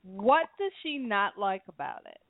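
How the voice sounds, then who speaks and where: A woman's voice: mid-range voice, sing-song, measured pace, slight background noise. A woman hosting a talk show, asking questions and chatting candidly with her guest. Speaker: show host. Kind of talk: radio interview talk. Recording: tinny phone-like radio sound.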